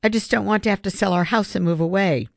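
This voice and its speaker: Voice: medium pitch, fast, gravelly, no room sound, clean studio sound, pitched above the performer's own voice, natural voice. A narrator voicing a glum, anxious boy who mumbles his worries. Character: anxious schoolboy planner.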